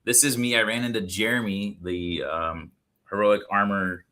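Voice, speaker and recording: A man with a low voice and a bright, forceful edge, talking on a casual livestream. He is relaxed, laughs often and fills his talk with ums and likes. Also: normal speed. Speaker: co-host.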